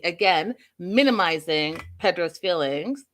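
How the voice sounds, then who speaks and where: A woman's voice: medium pitch, measured pace. A woman hosting a casual recap and review, giving her opinions openly and speaking straight to her viewers. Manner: opinionated, animated, addresses viewers directly. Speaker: host.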